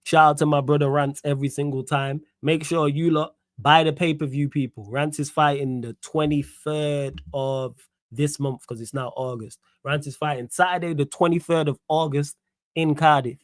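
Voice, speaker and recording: A man's voice: on the high side, fairly even intonation, normal speed, no room sound. Young male host, casual slangy football talk, dry close mic. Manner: casual, slangy, laughs and riffs while reading comments. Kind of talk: solo football Q&A livestream.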